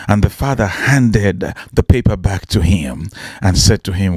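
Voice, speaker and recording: A man's voice: low voice, animated, measured pace, a little mellow, slightly rough, dry recording, clean studio sound. A man preaching and storytelling with emphasis, often repeating lines rhetorically. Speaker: motivational preacher.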